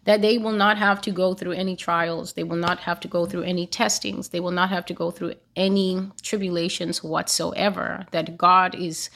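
A woman's voice: fairly low pitch, flat delivery, normal speed, creaky, few pauses, a bit bright. A woman hosting her own prophecy channel, preaching earnestly with a repetitive cadence. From United States. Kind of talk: spoken sermon to camera.

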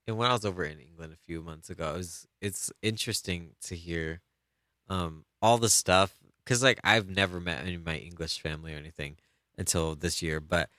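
A man's voice: low-pitched, bright, forceful tone, dry recording. An American man chatting casually, rambling with frequent ums. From United States. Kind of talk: casual chat.

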